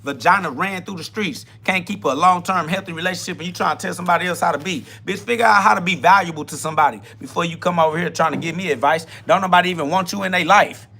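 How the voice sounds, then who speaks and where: A man's voice: sits high, quick pace, creaky, few pauses, pushed and bright, slight background noise. A man hosting a profane self-talk podcast, ranting bluntly in a combative, taunting way. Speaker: podcast host.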